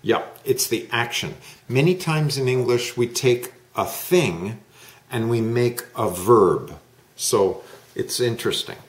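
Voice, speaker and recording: A man teaching English pronunciation in a one-to-one lesson, modelling sounds slowly and patiently. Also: mid-range voice, reverberant.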